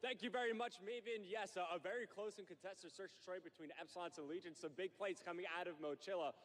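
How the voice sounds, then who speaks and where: A male analyst talks fast in a slightly raised voice as he walks through a map breakdown. He explains step by step, dropping filler words as he goes. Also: high-pitched. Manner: explanatory, steady walkthrough with fillers. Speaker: esports analyst. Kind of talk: analysis segment.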